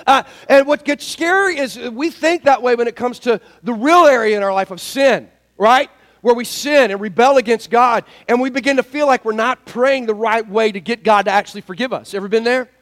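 A man preaching a sermon as pastor, in a folksy, animated storytelling manner with lots of fillers. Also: very high-pitched, brisk.

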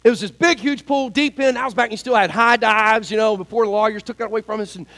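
High-voiced animated preacher man. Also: fast, low-quality recording. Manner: animated, joking, acts out scenes. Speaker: pastor. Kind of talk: sermon with storytelling.

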